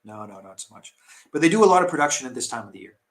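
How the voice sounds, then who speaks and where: A man's voice: medium pitch, very animated, racing, a bit bright. A man hosting a casual tea live stream, chatting in a rambling, self-deprecating way with many restarts.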